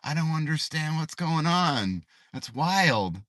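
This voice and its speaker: A man's voice: on the high side, sing-song, takes it slowly, a bit bright, no echo. A middle-aged man livestreaming from a parked car, ranting in a casual way and repeating rhetorical questions. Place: parked car in a parking lot.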